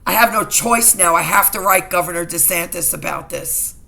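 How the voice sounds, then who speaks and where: A woman's voice: fairly low pitch, moderate pace, vocal fry, pushed and bright. A middle-aged woman vlogging to her viewers in an emotional personal rant, indignant and agitated, often repeating herself.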